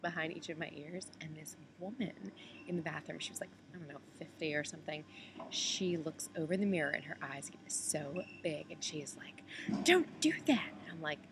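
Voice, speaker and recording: A woman from the United States with a low, steady voice talks briskly over background noise. She's on an airport layover, recording a casual video message to a friend, chatty and packed with "like" and "um."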